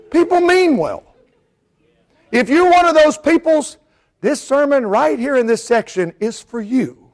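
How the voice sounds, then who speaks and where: A middle-aged man from the mountains of North Carolina, preaching a sermon and telling stories, dropping quiet and then hollering. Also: extremely high pitch, expressive, a little slow. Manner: storytelling, swings from quiet to hollering. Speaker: pastor and missionary.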